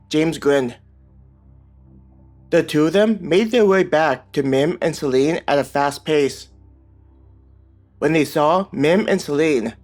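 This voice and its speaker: Male audiobook narrator, slightly high, calm scripted reading. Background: soft background music.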